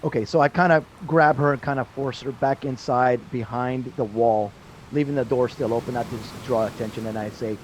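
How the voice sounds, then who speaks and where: A man playing in a tabletop game, earnest and thinking out loud. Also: mid-range voice, steady tone, a little fast, noisy background. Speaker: player. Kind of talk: casual tabletop play.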